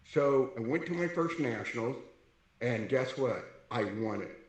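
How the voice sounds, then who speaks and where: A middle-aged man from California telling his life story in a lively way, acting out the voices of people he quotes. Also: mid-range voice, unhurried. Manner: animated, acts out quoted voices. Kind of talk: personal storytelling. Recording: echoey room.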